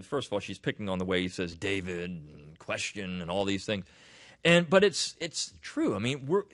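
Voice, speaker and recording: A man's voice: medium pitch, fairly bright tone. A man from Delaware hosting a podcast, giving casual, explanatory commentary on essays and telling stories along the way. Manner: conversational, explanatory, storytelling. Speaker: podcast host.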